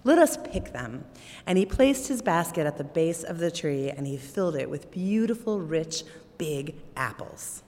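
A woman storyteller with a low voice reads a tale aloud, swinging her pitch in lively, animated arcs. The sound carries a long hall reverb. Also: moderate pace.

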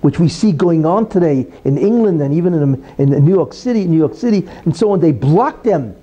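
A man's voice: on the high side, animated, brisk, warm tone, muffled recording. A man giving a Torah lesson in a conversational way, asking rhetorical questions and explaining terms. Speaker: religious teacher.

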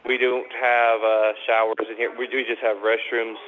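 A man's voice: mid-range voice, level tone, moderate pace. A man working maintenance at a rest stop, answering a phone call politely and calling the caller sir. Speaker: rest area maintenance worker. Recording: tinny phone line.

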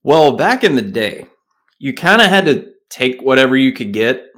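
A man's voice: medium pitch, sing-song, normal speed, fairly bright tone. A man with a Southern accent, co-hosting a podcast in a laid-back, rambling casual chat. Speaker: podcast co-host.

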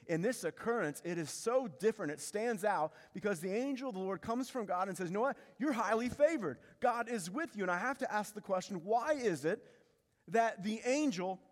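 Pastor preaching in a reverberant hall. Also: male voice, high-pitched. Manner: emphatic, repeats phrases, asks rhetorical questions. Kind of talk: sermon. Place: church sanctuary. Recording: long reverb of a large hall.

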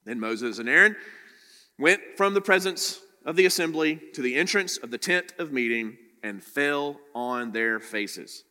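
A man's voice: a little high, lively intonation, a little slow, bright, forceful tone, long reverb tail. A man preaching a sermon. He reads scripture aloud, then explains it with rising emphasis. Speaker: pastor.

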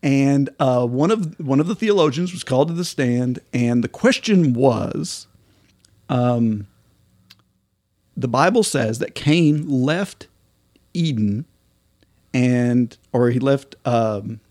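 A man's voice: medium pitch, expressive, takes it slowly, darkish tone, no echo, studio quality. A man co-hosting a casual podcast, talking in a rambling way with lots of fillers and restarts. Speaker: podcast co-host.

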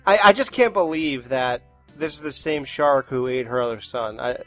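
A man's voice: medium pitch, moderate pace, a bit bright, faint music behind. A man co-hosting a podcast, joking sarcastically about a movie and swearing freely. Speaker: podcast co-host. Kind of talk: casual movie review chat.

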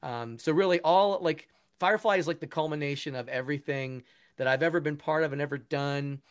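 An enthusiastic man with a fairly high voice, talking in a casual interview. He is earnest and keeps restarting his sentences as his ideas pile up. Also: brisk. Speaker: guest, musician and education founder.

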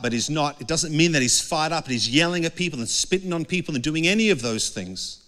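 A man's voice: a little high, animated, brisk, pushed and bright. Man preaching in a reverberant hall. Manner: earnest, acts out quoted voices. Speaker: pastor. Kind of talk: conversational sermon.

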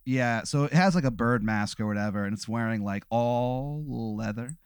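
A man's voice: medium pitch, normal speed, clean tone, dry recording, clean studio sound. A man co-hosting a podcast who improvises a comic story in the second person and rambles with lots of fillers. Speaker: podcast co-host.

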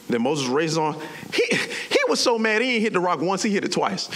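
A man's voice: sits high, very animated, a little fast, fairly bright tone, slight background noise. A man preaching a sermon as a pastor, telling the story animatedly in casual slang and acting out voices.

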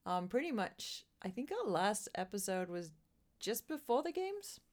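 A woman's voice: mid-range voice, big pitch swings, a little slow. Teasing, playful woman co-hosting a podcast. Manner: teasing, joking, asks playful questions. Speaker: podcast co-host. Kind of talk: casual chat.

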